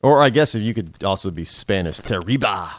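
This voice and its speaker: A man's voice: fairly low pitch, fairly quick, no echo. A man hosting a talk show, delivering a rambling casual monologue with lots of restarts and repetition. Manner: animated, rambling, repeats himself and spells out names.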